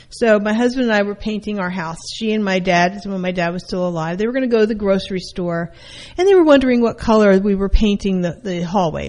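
A middle-aged woman giving an informal lesson on counseling, telling personal stories in a lively way. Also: mid-range voice. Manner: animated, acts out her mother's voice. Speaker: counselor teaching a class.

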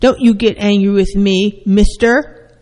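Stern scolding parent, louder and higher than usual, as a therapist puts it on; long hall reverb. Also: fairly even intonation, a little slow, lightly acted. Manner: sharp, rebuking questions.

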